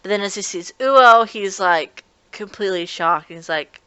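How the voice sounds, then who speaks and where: Female anime reviewer, clear resonant voice, chatty casual recap, slips into character lines. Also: medium pitch, moderate pace, a bit bright, no room sound. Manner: chatty, restarts often, acts out characters' lines.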